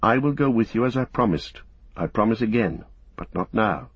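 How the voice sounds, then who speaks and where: A man voicing an earnest young male hobbit who coaxes and pleads with quiet urgency, for an audiobook. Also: on the low side, expressive, moderate pace, husky, no room sound. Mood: coaxing. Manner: pleading, coaxing. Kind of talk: audiobook character voice. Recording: dull, muffled recording.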